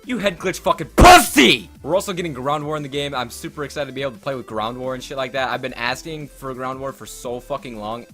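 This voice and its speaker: Fast-talking, bright-voiced young man. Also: medium pitch, faint music behind. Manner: profane, rambling, loud outbursts. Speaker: gaming YouTuber. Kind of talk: storytelling over gameplay.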